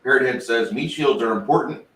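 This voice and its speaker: A man's voice: medium pitch, brisk, a bit bright, echoey room, rough recording. A man hosting a casual tabletop gaming chat, reading out viewer comments in a laid-back, wry way. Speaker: podcast host.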